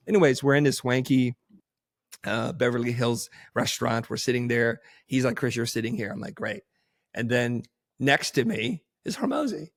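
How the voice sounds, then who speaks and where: A man tells stories as a podcast guest and jumps into the voices of the people he quotes. His pitch sits in a middle range. The recording is close and dry. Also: normal speed, gravelly, no room sound. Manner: animated, acts out quoted dialogue. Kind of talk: casual storytelling.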